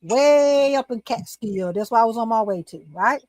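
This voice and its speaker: An older woman, a talk show host, telling a personal faith story in casual, animated chat. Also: a little high, normal speed.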